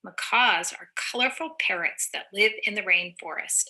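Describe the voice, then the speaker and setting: A woman reads a picture book aloud to young children in a slow, encouraging teacher's voice. Her tone is very bright and forward, with a gravelly fry running through it. She pauses now and then to explain words in simple terms. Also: mid-range voice.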